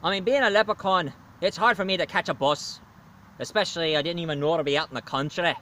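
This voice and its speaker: A man's voice: fairly high pitch, fast, bright, forceful tone, a little hiss or hum. A man doing a cheeky Irish leprechaun. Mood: chummy. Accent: put-on Irish brogue. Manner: jolly, chummy, drops laddie and aye. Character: cheeky male leprechaun, boastful and flirty. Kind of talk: storytelling character voice.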